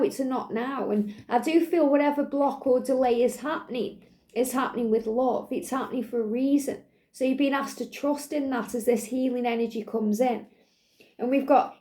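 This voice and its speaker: A woman gives a spiritual card reading in a high, light voice. Her tone is mellow and warm rather than bright. She reassures the viewer calmly and often repeats her main phrases. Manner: soothing, reassuring, repetitive phrasing. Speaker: psychic tarot reader.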